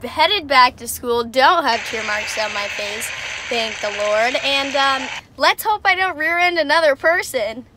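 A woman's voice: sits high, lively intonation, measured pace, background noise. A teenage girl chatting casually in a vlog, swearing a lot, filmed on a phone in her car. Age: teens. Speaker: vlogger. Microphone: phone camera.

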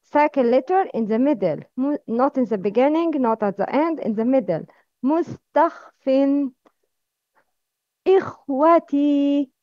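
A woman teaching Arabic letters, drilling words slowly and asking the listener to repeat after her. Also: on the high side, animated, no echo. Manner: slow, careful drilling with repeat-after-me prompts. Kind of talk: slow recorded lesson. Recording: dull, lo-fi sound.

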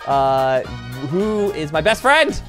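A woman voicing an excitable male TV-headed cartoon hero who exclaims, panics and hosts a game show. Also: deep voice, slow pace, soft background music, heavily acted. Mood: hosting. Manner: frantic, exclaiming and goofy.

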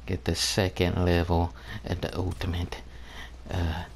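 Guy commentating his game, slow drawl, lowish voice, begging his team to help, little hiss behind. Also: completely flat delivery, vocal fry. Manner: drawling, exasperated, pleading with teammates. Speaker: gamer. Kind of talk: gameplay commentary.

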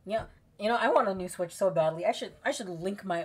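A young woman streaming a game, chatting casually with her viewers, excitable, giggly and quick to swear. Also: mid-range voice. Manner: excitable, giggly, swears freely, talks to chat. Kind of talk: casual let's-play commentary.

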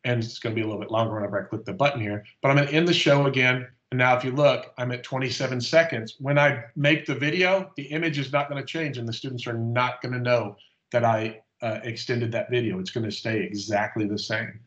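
A man presenting at a conference, walking through a live software demonstration step by step in a casual, explanatory way. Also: medium pitch, fairly even intonation, fast. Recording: slightly dull lo-fi audio.

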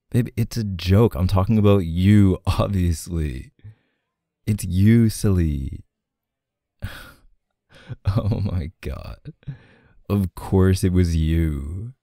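Young guy doing boyfriend role-play, low gravelly dark voice, slow and teasing, dry close mic. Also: dry recording. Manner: teasing, apologetic, laughs often.

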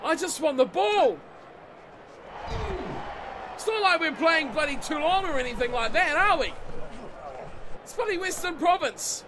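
A man giving excitable let's-play commentary on a rugby video game, swearing and yelling at his own team. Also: extremely high pitch, a little slow, pauses often, noisy background. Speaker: gaming channel host. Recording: game music playing behind the voice.

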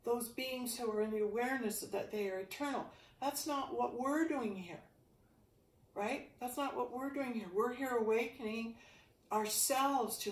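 A woman's voice: a little high, normal speed. Woman teaching yoga in a roomy space. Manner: earnest, questioning, talks while stretching. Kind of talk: spiritual talk during a yoga class. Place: indoor room, exercise mat. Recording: roomy sound, distant from the mic.

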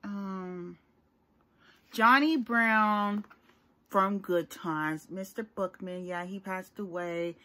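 A woman's voice: mid-range voice, extremely slow, sharp tone. A young woman talking casually to her viewers in a rambling, chatty vlog. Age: young adult. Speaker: YouTuber.

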